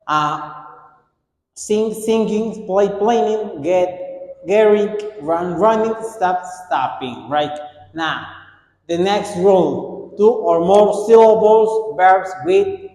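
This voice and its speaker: A male English teacher with a high, slightly mellow voice gives an online grammar lesson in an echoey room with long reverb. He drills slowly and deliberately, repeating words for his students.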